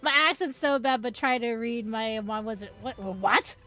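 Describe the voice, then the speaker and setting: A woman's voice: on the high side, normal speed, pushed and bright, faint music behind. A woman streaming, chatting casually and playfully with viewers, giggling often. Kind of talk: casual live-stream chat.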